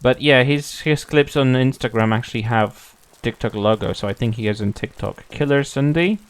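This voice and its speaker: A man's voice: mid-range voice, normal speed, smooth. A young man streaming a game, chatting casually, playful and swearing freely. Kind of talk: casual gameplay commentary.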